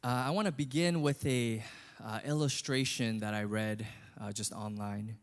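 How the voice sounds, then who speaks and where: A man's voice: on the low side, normal speed, clean tone. A male pastor preaching a sermon in an earnest, conversational way.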